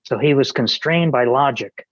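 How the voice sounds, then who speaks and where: A man's voice: medium pitch, normal speed, no room sound, lo-fi sound. Rambling man telling a story. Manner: rambling, with frequent restarts and quoted dialogue. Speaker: podcast guest, author. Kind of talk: casual conversational storytelling.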